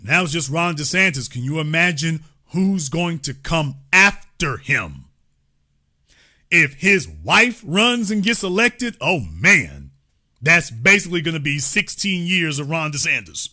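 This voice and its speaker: A man's voice: fairly high pitch, sing-song, unhurried, sharp tone. A man hosting a political commentary show, lecturing his audience emphatically and repeating his key points.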